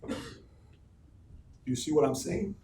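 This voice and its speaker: A man's voice: fairly high pitch, takes it slowly, a little hiss or hum. A man giving a live motivational talk to an office crowd, telling stories with emphasis and questioning the room. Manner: animated storyteller, emphatic, asks the room questions. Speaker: motivational speaker addressing a team. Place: office meeting space. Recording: echoey room, recorded from far off.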